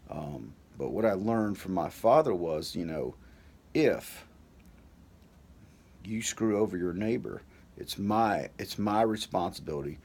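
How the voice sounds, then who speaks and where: A man's voice: sits low, a little mellow, slightly rough. A man telling a personal story in a loose, rambling way, full of "like" and "you know.".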